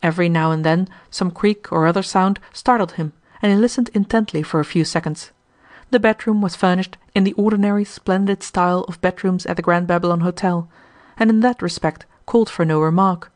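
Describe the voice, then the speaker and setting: A woman reading a novel aloud as an audiobook narrator, with a measured and expressive delivery. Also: on the low side.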